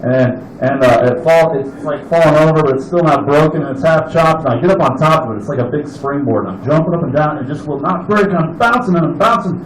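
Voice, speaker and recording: A man's voice: on the high side, fast talker, few pauses, reverberant, low-quality recording. A man doing open mic stand-up, telling a rambling, profane camping story. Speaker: stand-up comedian.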